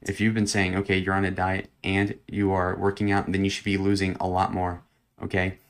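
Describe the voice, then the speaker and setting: A man's voice: low-pitched, monotone, brisk. A man giving blunt, lecturing, dismissive commentary on a stream.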